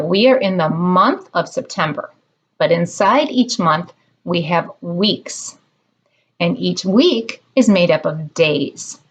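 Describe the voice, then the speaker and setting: A woman preschool teacher leading a children's circle-time lesson in a slow, sing-song teacherly way. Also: lowish voice, breathy edge, lo-fi sound.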